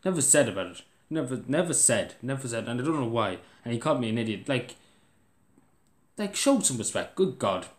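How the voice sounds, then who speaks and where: A young Irish man talking straight to his viewers in a loose, rambling vlog. He sounds worn out, restarts his sentences again and again, and builds up to frustrated outbursts. His medium-pitched voice rings around a roomy, echoey space. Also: sing-song, a little fast. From Ireland. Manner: restless, restarts often, rising to exasperated outbursts. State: tired. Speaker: vlogger. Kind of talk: casual vlog rant.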